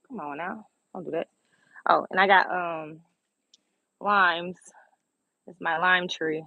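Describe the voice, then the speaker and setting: This young host speaks slowly on her garden livestream, her lowish voice gravelly and sharp, fairly even in intonation, with long pauses. The recording is dry and muffled, and she stays sassy and blunt, laughing often in casual chat over her phone.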